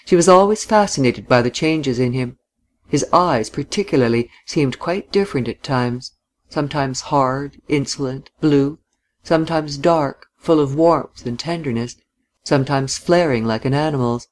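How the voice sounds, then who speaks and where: An audiobook narrator, male, reads a scripted text in a measured, literary style. His pitch sits in the middle and his delivery stays even.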